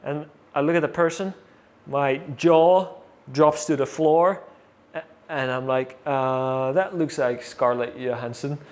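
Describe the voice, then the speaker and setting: A man as an interview guest, telling a story casually, animated and full of fillers, acting out what others said. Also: medium pitch, measured pace. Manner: animated, acts out quoted voices, many fillers.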